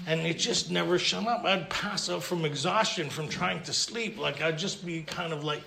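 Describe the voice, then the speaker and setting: A man's voice: on the high side, moderate pace, gravelly, bright, forceful tone, a little hiss or hum. A man telling his story at a recovery meeting, humorous and self-mocking, stammering and restarting as he goes. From Canada. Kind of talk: storytelling talk at a recovery convention. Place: convention hall with audience.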